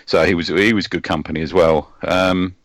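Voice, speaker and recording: Male podcast host, low voice, dry sound, rambling chatty delivery. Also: steady tone, normal speed, dry recording. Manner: chatty, rambling, with many ums and restarts. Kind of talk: casual chat.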